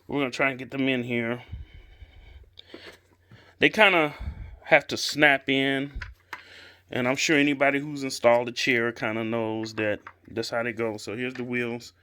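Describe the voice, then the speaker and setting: With a mid-range, clear and resonant voice, sharp in tone and steady, a man from the Chicago area speaks at a moderate pace, pausing often. He gives an unscripted, casual review of a gaming chair as he assembles it at home on a handheld camera mic, chatty and rambling with many "you know"s and "I guess"es.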